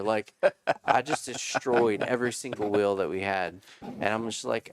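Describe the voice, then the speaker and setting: Man, 30s, low smooth voice, dry close sound; casual storyteller who curses and acts out quotes. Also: moderate pace, no echo. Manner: animated, swears freely, acts out quotes. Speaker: podcast guest telling racing stories.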